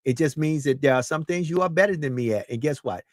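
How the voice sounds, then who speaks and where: A man's voice: fairly high pitch, quick pace, dry recording, studio quality. A man in his fifties hosting a podcast conversation, talking in an emphatic, preachy way and often repeating his words. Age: 50s. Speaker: podcast host. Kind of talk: casual chat.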